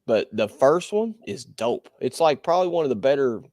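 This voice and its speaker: Lively swearing podcast co-host, a man. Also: mid-range voice, normal speed, no room sound, clean studio sound. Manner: animated, laughing, swearing freely. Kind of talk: casual chat.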